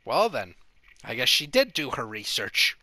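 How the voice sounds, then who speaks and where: A man casually commentating a fighting game, hoarse and excitable, with loud exclamations. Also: medium pitch, measured pace. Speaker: gaming commentator. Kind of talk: casual let's play commentary. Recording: commentary over game music.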